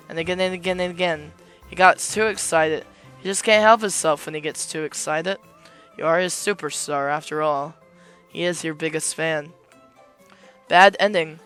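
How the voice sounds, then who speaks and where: A man reading a visual novel aloud, voicing both sides and bursting into excited shouts. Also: moderate pace, clear, resonant tone, faint music behind. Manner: excitable, erupts into high shouting. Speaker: streamer playing a visual novel.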